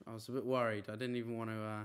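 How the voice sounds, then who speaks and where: A man's voice: mid-range voice, level tone. A man chatting casually on a live stream, reading out his chat and answering questions in an easygoing way. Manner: chatty, easygoing, quick to brush off teasing.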